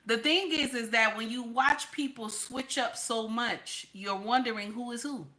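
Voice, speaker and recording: A woman from the New talks straight to her viewers, with a bright, forceful tone. She is blunt and emphatic, and she hammers her points home by saying them again and again. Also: fairly high pitch, unhurried, low-quality recording. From New York / New Jersey area. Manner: blunt, emphatic, repeats lines for stress. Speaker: online commentator. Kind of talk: casual political commentary vlog.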